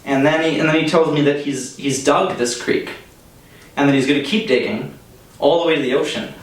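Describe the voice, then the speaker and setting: A man's voice: fairly high pitch, fairly quick, distant mic. A young man from Canada telling a personal story to a live audience, chatty and casual, with plenty of fillers and laughter. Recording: echoey room, heard from off the mic.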